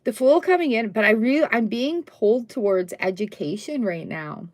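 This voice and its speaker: A woman's voice: fairly high pitch, animated, normal speed, a little mellow. Upbeat woman giving a live tarot reading. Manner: chatty, upbeat, exclamations and little sung bits. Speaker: tarot reader hosting a live stream.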